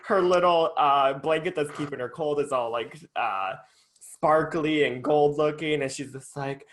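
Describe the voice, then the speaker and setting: A man's voice: on the high side, unhurried, fairly bright tone. Chatty podcast co-host man. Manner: chatty and enthusiastic, full of fillers. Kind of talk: casual chat.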